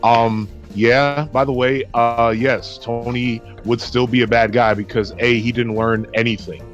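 A man with a mid-pitched voice speaks in a dismissive, swearing tone on a casual podcast. The audio is dull and lo-fi, with faint music behind him. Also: level tone, unhurried. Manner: profane, dismissive. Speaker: podcast co-host. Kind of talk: casual chat.

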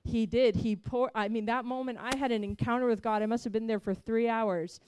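A woman's voice: a little high, fairly even intonation, a little fast, a little mellow, smooth, no room sound. A woman preaching as she tells a personal mission testimony, earnest and heartfelt.

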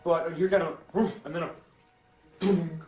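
Young male game master, halting narration; echoey room, faint music behind. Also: on the high side, expressive. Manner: halting, many restarts and fillers.

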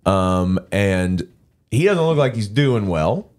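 A man's voice: fairly low pitch, lively intonation, slow pace, darkish tone. A man on a podcast, casually telling a story with lots of swearing, acting out both sides of an argument in quoted voices. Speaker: podcast co-host. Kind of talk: casual chat.

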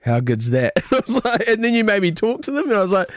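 A man's voice: very high voice, very fast, no room sound, clean studio sound. A man co-hosting a podcast, giggly and teasing in casual banter. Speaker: podcast co-host.

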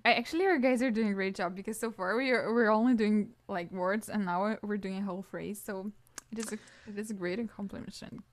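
A woman's voice: medium pitch, fairly quick. Giggly woman co-hosting a casual podcast. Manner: giggly, animated, laughs at her own slips. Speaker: podcast co-host teaching Portuguese words.

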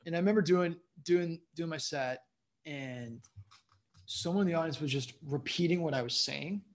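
Rambling higher-voiced comedian, chatty. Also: male voice, moderate pace. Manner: rambling, full of "you know what I mean". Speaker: comedian guest. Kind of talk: casual interview storytelling.

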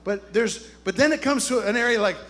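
High-voiced rousing male preacher. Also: brisk, fairly bright tone. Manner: emphatic, rousing, calls out to the congregation. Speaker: pastor. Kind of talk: sermon.

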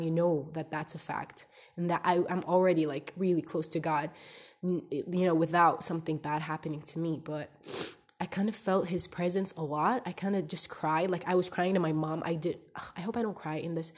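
A young woman in her twenties, English not her first language, with a stuffy nose from crying, talking candidly in a rambling podcast-style video diary and searching for words. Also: lowish voice. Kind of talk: casual confessional video diary.

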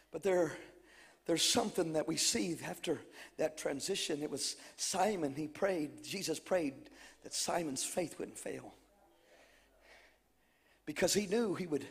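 A man preaching a revival sermon as a missionary, telling a personal testimony and shouting fervent declarations. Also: a little high, husky, big-room sound. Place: church sanctuary.

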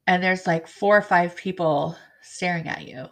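A woman telling her own story as a bereaved mother, halting and frank, with blunt swearing. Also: on the low side, fairly even intonation. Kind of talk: personal storytelling to camera.

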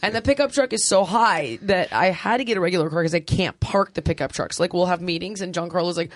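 A woman's voice: fairly low pitch, quick pace, no echo, clean studio sound. A woman in her forties, a podcast host, telling a crude, funny family story in casual chat, laughing often. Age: 40s. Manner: animated, laughing, crude humor.

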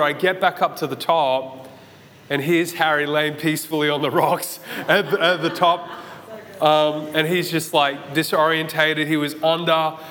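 A man in his thirties with an Australian accent, preaching a sermon and telling a personal story with animated, acted-out moments. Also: on the high side. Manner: animated storytelling, acts out his own shouts and thoughts. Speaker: pastor. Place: church auditorium. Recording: long church hall reverb.

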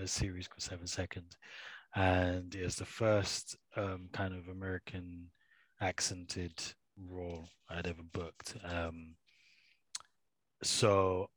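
A lively man from England with a British accent tells a story as a guest on a chat show. His voice sits a little low but sounds bright and forceful, and he leans on filler phrases as he goes. The sound is dry and close. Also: dry recording. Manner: lively storyteller, many "you know" fillers. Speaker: actor, podcast guest. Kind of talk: animated anecdote telling.

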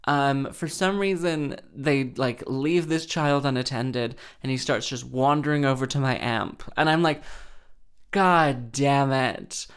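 Sweary harpist ranting, smooth clear voice. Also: medium pitch, measured pace, few pauses. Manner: exasperated, sweary, sarcastic. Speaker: wedding harpist. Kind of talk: casual storytime rant.

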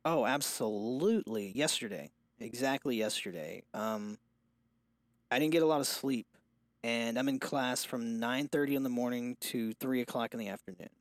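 A man's voice: mid-range voice, moderate pace, no room sound. A young man, a father, talking candidly and rambling in a casual podcast chat, restarting and trailing off.

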